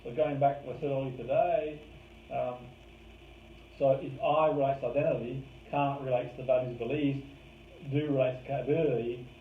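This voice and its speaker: A man teaching a live course in a conversational way, leaning on key words to make his points. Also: medium pitch. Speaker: course trainer. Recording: roomy, distant, phone-like lo-fi with faint hiss.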